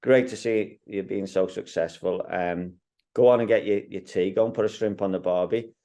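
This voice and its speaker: A man's voice: sits low, steady tone, normal speed, mellow. A man presenting on a racing channel, interviewing a guest in a friendly, teasing, chatty way. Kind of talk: interview, casual chat.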